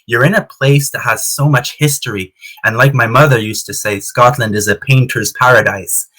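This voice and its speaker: A man's voice: medium pitch, fairly even intonation, moderate pace, pushed and bright. A man chatting as an interview guest over a video call, telling stories with easy laughs and repeated words. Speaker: interview guest, clan society founder. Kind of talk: casual storytelling interview. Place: home in Canada.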